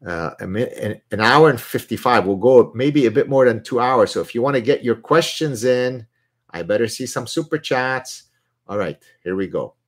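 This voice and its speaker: A middle-aged man hosting a live question session, talking in an animated, digressive way with frequent restarts. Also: mid-range voice, normal speed. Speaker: host answering viewer questions. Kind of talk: live question-and-answer stream.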